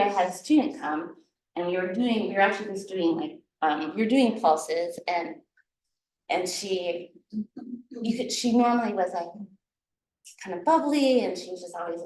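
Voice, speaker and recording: Low-leaning and darkish, her voice comes through a distant mic in an echoey guild meeting room. A herbalist teacher from Minnesota, she chats casually with the guild audience, laughing a lot and often starting sentences over.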